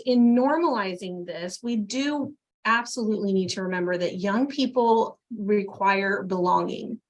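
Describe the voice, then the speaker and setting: A woman co-presenting a webinar, explaining things in a reassuring, conversational way. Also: fairly high pitch. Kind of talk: webinar talk.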